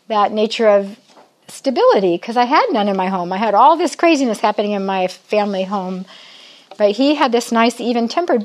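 An older woman with a slightly high voice gives a conversational Bible talk to women. She teaches in a chatty, lively way and keeps asking her audience questions.

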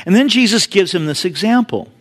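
A man preaching a sermon with a noticeably high voice. He talks in a relaxed, conversational way and drifts into asides as he tells stories. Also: brisk. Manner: conversational storytelling with frequent asides. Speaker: pastor.

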